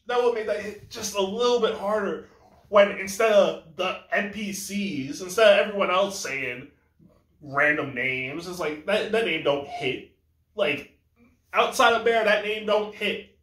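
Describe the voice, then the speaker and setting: A man's voice: high-pitched, unhurried, a bit bright, reverberant. A man giving a casual, rambling critique of a video game. He often corrects himself mid-sentence and acts out imagined lines of dialogue. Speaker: gaming commentator.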